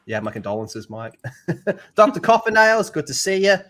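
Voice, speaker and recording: A man's voice: sits high, sing-song, normal speed, a bit bright. A man hosting a casual livestream, greeting viewers and swearing freely. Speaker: livestream host.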